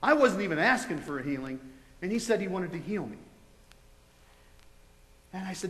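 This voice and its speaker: A man giving a testimony to students, telling it in an animated way and acting out his own reactions. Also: high-pitched, moderate pace, long pauses. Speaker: guest speaker sharing a testimony. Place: large college hall. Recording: echoey hall.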